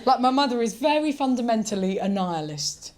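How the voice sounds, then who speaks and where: Animated woman doing stand-up. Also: a little high, brisk, noisy background. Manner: animated, exclaiming, self-mocking. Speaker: stand-up comedian. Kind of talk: stand-up comedy. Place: theatre stage.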